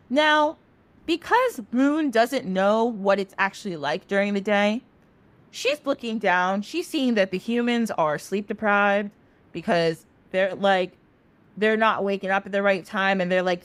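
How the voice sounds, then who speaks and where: A young adult woman hosting a podcast, retelling a myth in a chatty, animated way with casual profanity. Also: mid-range voice, no room sound. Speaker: podcast host. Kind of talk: casual mythology storytelling.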